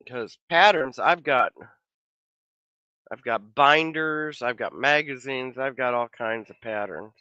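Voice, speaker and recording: A man hosting a casual livestream chat from a home office, a bit hoarse from losing his voice, talking in an easygoing, rambling way with many trailing restarts. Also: mid-range voice, slow pace, sharp tone, dry recording. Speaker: livestream host. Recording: slightly dull lo-fi sound.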